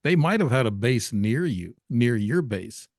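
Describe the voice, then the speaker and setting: A man hosting a casual interview on a video call, asking quick follow-up questions. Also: medium pitch, lively intonation, a little mellow, dry recording, clean studio sound. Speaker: host.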